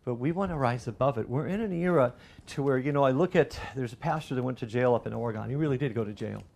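A middle-aged man preaching a sermon as pastor, rising loud and animated through lists and quoted cries. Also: mid-range voice, fast talker, vocal fry.

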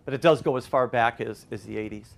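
An older male pastor with a quick, medium-pitched voice and vocal fry preaches in a conversational manner. He tells stories and draws lessons, building rising emphasis and voicing the people he quotes.

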